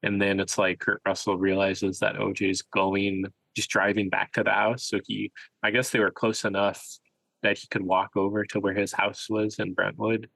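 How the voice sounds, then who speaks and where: A man's voice: lowish voice, little pitch movement, normal speed, creaky, fairly bright tone, no echo, poor audio. A man co-hosting a podcast, telling a story in a rambling way with many fillers. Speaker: podcast co-host. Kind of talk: casual storytelling.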